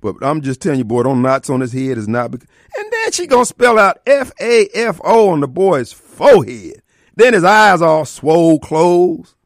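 A man hosting a radio show, telling a comic story with an animated, exaggerated delivery and sudden outbursts. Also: on the high side, moderate pace, dry recording, clean studio sound. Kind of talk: comedic storytelling.

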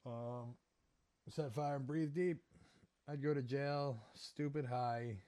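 A man's voice: medium pitch, fairly even intonation, slow pace, warm tone, no room sound. A young man co-hosting a podcast, chatting casually and crudely, joking and swearing freely. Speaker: podcast co-host. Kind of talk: casual chat reacting to videos.

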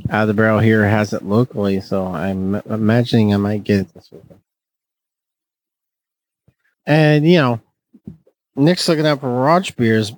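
A man of ordinary pitch chatting about beer on a podcast. He rambles, piles up fillers and breaks into silly jokey voices. The sound is dry and close. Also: darkish tone, no room sound, rough recording. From Fresno, California. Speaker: podcast co-host. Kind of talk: casual beer podcast chat.

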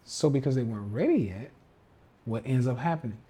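A man's voice: mid-range voice, expressive, brisk, dark tone, husky. A man hosting a casual livestream rant as a trading coach, slangy and emphatic, often repeating himself. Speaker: podcast host and trading coach.

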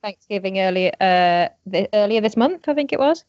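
A woman's voice: mid-range voice, animated, moderate pace, darkish tone, no room sound, lo-fi sound. A young woman, a podcast guest, chatting playfully and giggling often. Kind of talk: casual podcast chat.

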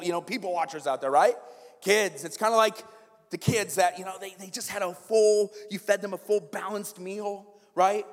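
A man preaching a sermon as pastor, conversational and humorous, often checking in with his listeners. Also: high voice. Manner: humorous, conversational, keeps asking "right?". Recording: long reverb in a big hall.

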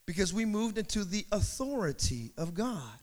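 A man's voice: sits high, big pitch swings, normal speed, darkish tone. A man preaching an evening sermon in church, addressing the congregation directly with emphatic, repeated phrases. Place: church service.

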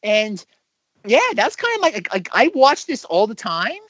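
A man's voice: high voice, big pitch swings, moderate pace, a bit bright, no echo. A man in his thirties co-hosting a podcast, chatting casually and rambling animatedly with lots of fillers. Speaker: podcast co-host. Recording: slightly dull, dry lo-fi audio.

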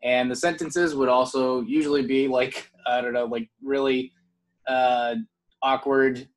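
Young male co-host, meandering storyteller, quick to laugh, middle pitch. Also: flat delivery. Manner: rambling, many fillers and restarts, laughs often. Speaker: podcast co-host. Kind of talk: casual chat.

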